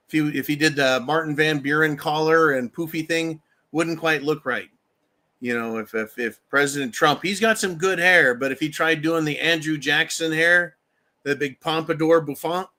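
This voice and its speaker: A fired-up man hosts a live stream, swearing freely and hammering his points again and again. His voice is bright and forceful. He talks at a slow, drawn-out pace, a little higher than most men. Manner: fired up, profane, repetitive, addresses viewers as folks. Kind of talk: political live stream monologue.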